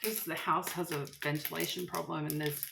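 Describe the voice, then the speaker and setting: A woman's voice: low-pitched, flat delivery, a little fast, creaky, heavy background noise. A woman chatting casually to camera while she cooks. She is teary from chopping onions and keeps groaning about her stinging eyes while she jokes at her own expense. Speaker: vlogger. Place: home kitchen. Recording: echoey kitchen with pot and dish clatter.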